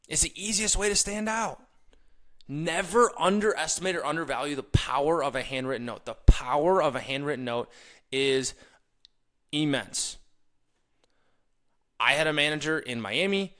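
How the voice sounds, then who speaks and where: With a bright, forceful, fairly high-pitched voice, a young man delivers a casual motivational monologue straight to his listeners. Animated and ranting, he slips into quick impressions of other people mid-sentence in quoted asides, like a podcast host riffing off the cuff.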